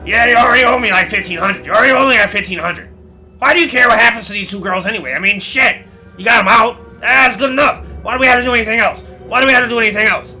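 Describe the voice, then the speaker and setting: A man doing a loud whiny demon sidekick. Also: very high-pitched, quick pace, soft background music, pitched above the performer's own voice, exaggerated voice. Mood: whiny complaint. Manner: loud, whining, swearing. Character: whiny greedy male demon sidekick, complaining.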